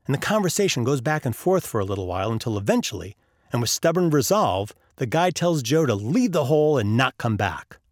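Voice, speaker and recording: A man's voice: medium pitch, sing-song, fairly quick, no echo, clean studio sound. A man hosting a podcast, telling a story and acting out the characters' lines. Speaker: podcast host.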